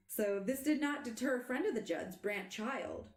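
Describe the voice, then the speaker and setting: A woman hosting a podcast, telling a story in casual chat, animated and quick to laugh. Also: on the high side, roomy sound. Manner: animated, laughs often, trails off and restarts. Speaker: podcast host.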